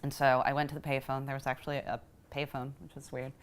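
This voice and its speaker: A woman telling a personal story in a reflective, emotional way, pausing often as she speaks. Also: rumbling low, flat delivery. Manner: reflective and emotional, halting with pauses. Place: Houston.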